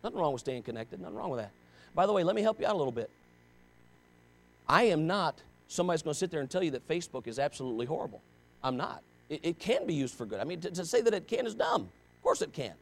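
A man's voice: on the high side, big pitch swings, fast talker, vocal fry. A pastor preaching a sermon to his congregation, talking straight at them in an impassioned, conversational way and pressing them with rhetorical questions.

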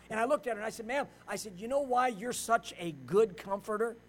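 Middle-aged male pastor, high-pitched; delivers a sermon, loud at times, quiet at others. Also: lively intonation, fairly quick, a little hiss or hum, rough recording. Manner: swings between loud preaching and quiet storytelling.

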